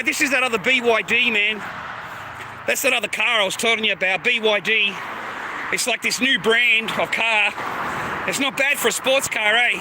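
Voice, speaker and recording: High-voiced Australian man rambling outdoors. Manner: rambling, swears often, says mate and bro. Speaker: streamer. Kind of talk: casual rambling talk to viewers. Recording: outdoor traffic noise.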